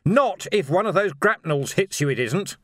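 A man doing a shouting tough watch commander. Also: high voice, lively intonation, moderate pace, no echo, clean studio sound, voice pushed up. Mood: barking orders. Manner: loud, barking orders. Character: tough middle-aged male watch commander shouting in battle.

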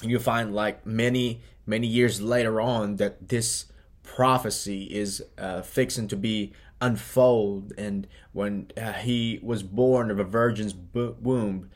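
A man preaching a short devotional sermon, earnest, addressing the listener as "my friend" and pausing on fillers. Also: on the low side, steady tone.

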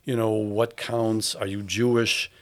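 A man speaks in a fairly low voice. He talks through ideas as he goes, with frequent fillers, pauses and restarts. This is a relaxed, conversational interview. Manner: thoughtful, halting, many fillers and restarts. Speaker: theatre artistic director.

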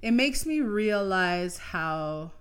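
A woman's voice: mid-range voice, expressive, slow pace, clean tone. Candid, laughing woman podcast host. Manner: candid, swears freely, laughs often. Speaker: podcast host and business owner. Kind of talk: casual chat.

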